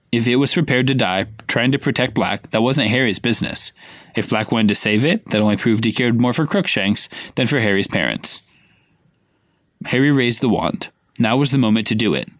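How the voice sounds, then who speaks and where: A podcast co-host reads a novel aloud in a casual way, lightly acting out the characters' lines and stopping to quiz his co-host. His voice is lowish and a bit bright, with no room sound.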